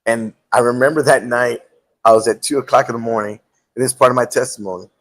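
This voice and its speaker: A man's voice: medium pitch, steady tone, fast, fairly bright tone. A man hosting a live talk show, telling a personal story in a casual way, with frequent restarts. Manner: storytelling with many restarts and acted quotes. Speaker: host.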